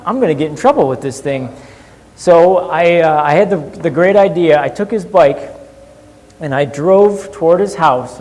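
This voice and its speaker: Animated male pastor in an echoing hall. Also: on the high side. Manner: animated, shifting from hushed to lively. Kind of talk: sermon storytelling. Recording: long hall reverb.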